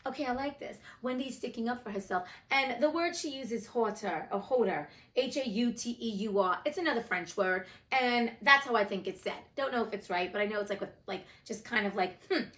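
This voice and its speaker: A woman's voice: a little high, a little fast, few pauses, a bit bright. A woman from New Jersey reading a classic book aloud and breaking off for sassy, blunt commentary. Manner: sassy, blunt, swears casually. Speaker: audiobook reader and commentator. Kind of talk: casual storytime reading with commentary.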